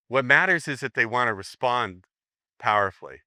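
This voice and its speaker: A man's voice: medium pitch, expressive, slow pace, pauses often, pushed and bright, no echo. A man teaching a seminar, telling a story in a chatty, playful way and acting out the dialogue. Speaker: seminar instructor. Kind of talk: storytelling to a live seminar audience.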